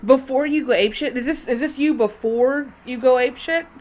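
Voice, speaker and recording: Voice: sits high, moderate pace, heavy background noise. A commentator reacting to clips with mocking, sarcastic asides and gasps.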